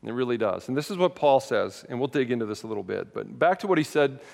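A man's voice: mid-range voice, expressive, fast, vocal fry, darkish tone. A man preaching a sermon as a pastor, telling stories in a candid, self-mocking way. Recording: long hall reverb.

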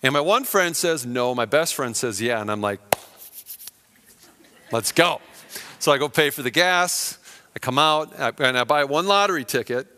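A man's voice: medium pitch, expressive, normal speed, long pauses, background noise. A man preaching a conversational, self-deprecating sermon and telling a story with acted-out quotes. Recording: long hall reverb.

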